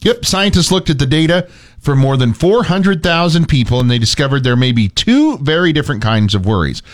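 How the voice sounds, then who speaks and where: A man's voice: on the high side, sing-song, brisk, no echo. A man hosting a morning radio show, chatting casually and making dry, self-deprecating jokes.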